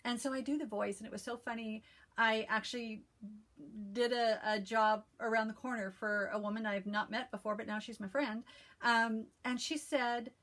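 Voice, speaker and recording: A woman with a slightly high, calm and soothing voice chats to her viewers in a relaxed vlog. She talks in a loose, friendly way, restarting her sentences and filling pauses, then settles into reading a short devotional aloud. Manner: chatty, with frequent restarts and fillers. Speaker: cross-stitch video host. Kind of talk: casual chat and devotional reading.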